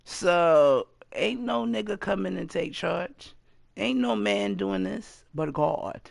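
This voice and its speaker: A woman in her late thirties venting straight to the camera in a blunt, profane, sassy rant. Her voice is gravelly and she talks at an unhurried pace, now and then bursting out loud. The sound is close and dry. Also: fairly low pitch, animated, no room sound. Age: 30s. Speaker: vlogger.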